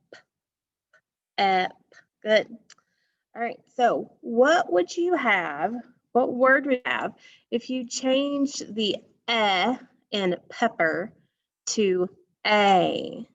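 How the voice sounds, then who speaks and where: A woman's voice: a little high, expressive, slow, muffled recording. A woman teacher giving an online phonics lesson from a school music room, patiently repeating words and asking questions.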